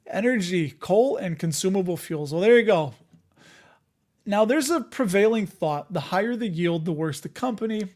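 A man's voice: sits high, animated, moderate pace, a little mellow. A man hosting a casual live stream about investing, chatting with viewers, joking at himself and thinking aloud with many fillers. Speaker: host of a dividend investing live show.

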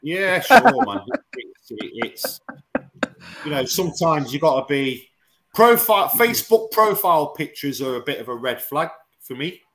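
A man's voice: on the high side, big pitch swings, measured pace, fairly bright tone. A man, a martial arts guest on a talk show, telling stories in casual banter, swearing, mimicking people and laughing often.

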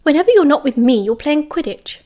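A woman reading aloud as a sharp-tongued teenage girl with a slightly high voice, teasing in a dry, playful way. The storybook line comes through plainly, with an easy, unhurried lilt. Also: animated.

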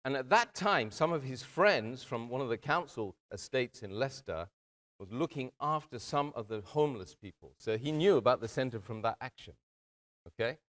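Male speaker, mid pitch, earnest community talk, addresses the crowd directly. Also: expressive, moderate pace, a bit bright. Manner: earnest, addresses audience as brothers and sisters. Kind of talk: motivational talk.

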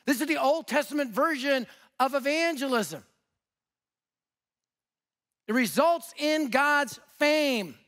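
Guest preacher, male, high voice, animated storyteller with hushed drops. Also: takes it slowly, long pauses. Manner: animated, swings from loud to hushed. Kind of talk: sermon storytelling.

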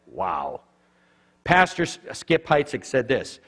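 A man teaching evangelism in a church, an animated storyteller who acts out the voices in his stories. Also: on the high side, fairly quick. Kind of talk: sermon-style teaching. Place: church sanctuary. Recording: reverberant church hall.

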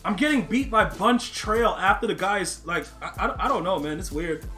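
A young man streaming a football video game, talking to his chat in loose slang and breaking into excited yelling. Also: sits high, moderate pace, soft background music. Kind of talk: live gameplay commentary to chat.

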